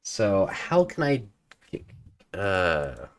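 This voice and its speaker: A man streaming while he writes code, thinking aloud in a halting, self-correcting way. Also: deep voice, huge pitch swings, clear, resonant tone. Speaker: game developer streamer. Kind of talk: casual live coding chat.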